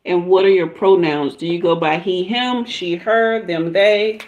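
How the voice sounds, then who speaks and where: A woman with a Southern US accent hosting a casual livestream, chatting with viewers and giving a tarot reading in a relaxed, chatty way. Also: on the low side, highs cut off. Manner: relaxed, chatty, drawn-out pauses. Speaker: tarot reader livestream host.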